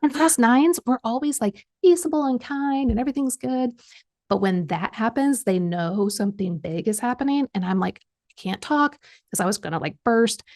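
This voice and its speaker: A middle-aged woman guest on a podcast recounts a personal story. Her voice is gravelly, with a lot of vocal fry, and she brings each quoted voice to life with animation. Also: a little high, brisk, darkish tone. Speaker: guest coach.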